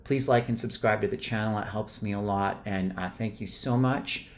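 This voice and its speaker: A man's voice: lowish voice, normal speed. Earnest man coaching on emotions. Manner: earnest and coaching, gets loud and playful when swearing. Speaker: self-help vlogger. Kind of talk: reflective solo talk to camera.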